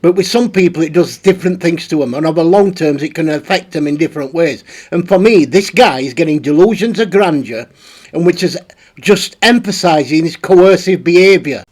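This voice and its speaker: A man's voice: fairly high pitch, moderate pace, a little mellow. A man hosting a casual, rambling commentary on online drama. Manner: rambling, blunt, with frequent restarts. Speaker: commentary channel host.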